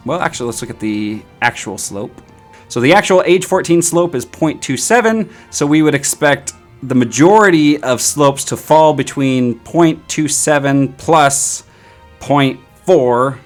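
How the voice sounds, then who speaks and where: A man teaching statistics in a screen-recorded lecture, with playful, self-mocking asides and sudden high-pitched outbursts. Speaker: statistics instructor.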